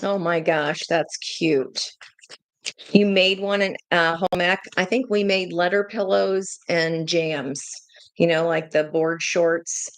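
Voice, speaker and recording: A woman giving a casual tarot reading to her viewers, chatty and excitable, breaking into gushing exclamations. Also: lowish voice, slow. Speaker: tarot reader.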